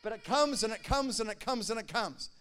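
A male pastor preaching a sermon, animated, acting out quotes and swinging between loud declarations and hushed asides. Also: high voice, brisk.

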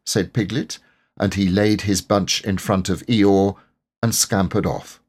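Male audiobook narrator, low voice, unhurried, animated storybook telling. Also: husky. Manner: gentle, expressive storytelling. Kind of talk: children's storybook reading.

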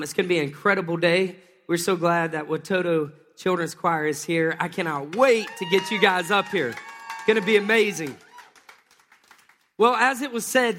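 A pastor with a high, light voice preaches energetically in a church sanctuary, calling out to the congregation and waiting for their answers. His words trail off in a long reverberant tail, as in a large church hall.

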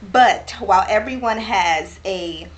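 A woman's voice: medium pitch, measured pace. A woman from the West Indies, a stage actor, chatting upbeat and enthusiastic about the cast. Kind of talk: casual interview chat.

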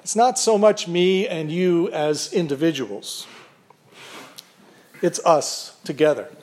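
An older man, a pastor, preaching a sermon in a measured, earnest way with gentle humor. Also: fairly high pitch.

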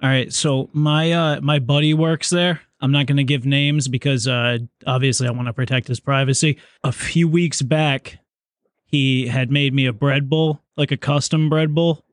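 A man's voice: mid-range voice, steady tone, normal speed, dry recording, studio quality. Laid-back man making a prank call. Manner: casual, chatty and laughing. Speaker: prank caller.

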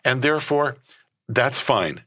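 A ministry leader explains his work in an interview, speaking in a mid-range voice at a slightly slow pace. An animated storyteller, he acts out the conversations he has.

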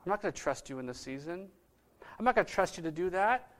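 A man's voice: high voice, lively intonation, fast, fairly bright tone. Man putting on a sarcastic doubting disciple. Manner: mocking, exaggerated enthusiasm.

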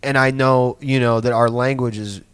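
A man's voice: medium pitch, fairly even intonation, normal speed, a bit bright, smooth, no room sound, natural voice. A man quoting a drunk, exasperated man who answers bluntly and wearily.

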